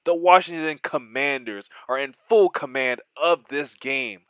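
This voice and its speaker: A man giving excitable play-by-play of his own football video game, mixing in joking, self-deprecating asides. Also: mid-range voice, measured pace, smooth, no echo. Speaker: gaming YouTuber.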